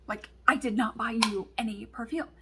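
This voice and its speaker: Woman voicing an exasperated mother, bright husky tone, scolding patiently. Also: on the high side, moderate pace, full character voice. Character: exasperated mother scolding her young daughter.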